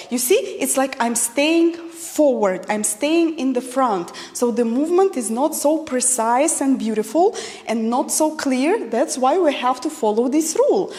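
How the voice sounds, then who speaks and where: High-voiced woman teaching dance slowly. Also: lively intonation, darkish tone. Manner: counting out moves, calling step cues. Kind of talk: instructional lesson. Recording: long reverb of a hall.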